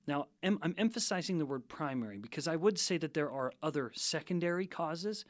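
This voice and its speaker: A man's voice: on the high side, expressive, no room sound. A middle-aged man, a scientist guest, explaining things methodically in an interview. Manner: measured, lecturing, methodical.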